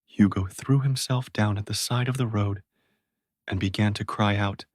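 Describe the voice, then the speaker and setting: A man narrating a classic story for English learners. His voice is low and husky, and he reads at a slow, careful pace. The recording is close and dry. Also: steady tone, darkish tone, no echo.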